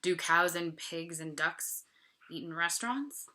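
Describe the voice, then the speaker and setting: A woman's voice: on the low side, unhurried, noisy background. A woman teacher reading a picture book aloud to young children, stopping to ask questions and explain.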